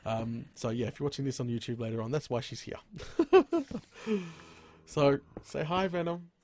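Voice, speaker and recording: An Australian man chatting on a casual gaming live stream at home, rambling, laughing often and exclaiming "crikey" into a boom arm microphone. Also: normal speed, a little mellow. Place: room at home.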